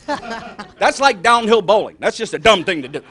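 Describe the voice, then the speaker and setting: A man's voice: high-pitched, lively intonation, a little fast, a bit bright. An older man from Detroit doing rambling, self-mocking stand-up comedy. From Detroit, Michigan. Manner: rambling, self-mocking, exaggerated tall tales.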